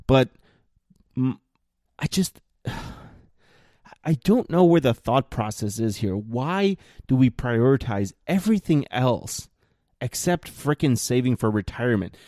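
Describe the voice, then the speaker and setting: A man's voice: mid-range voice, animated, a little slow, mellow, no room sound, studio quality. A man in his thirties hosting a solo podcast, ranting bluntly with exasperated, mocking jabs. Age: 30s. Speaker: podcast host.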